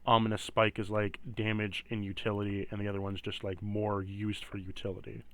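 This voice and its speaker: A man's voice: fairly low pitch, monotone, fairly quick, fairly bright tone. A man running a tabletop game as game master, explaining items in a loose, rambling way with many fillers.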